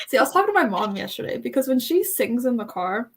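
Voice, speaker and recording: A woman's voice: a little high, sing-song, quick pace, a crowd in the background. A young woman from Canada's west coast, chatting casually and rambling on a book club livestream. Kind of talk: casual chat on a reading livestream.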